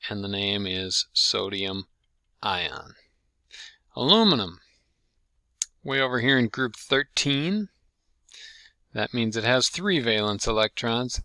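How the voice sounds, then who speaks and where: A lower-pitched man with a very bright, forceful tone teaches a recorded chemistry lesson. He talks patiently and keeps checking in with his students. The sound is close and dry. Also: no room sound. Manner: patient, checks in with frequent "okay?".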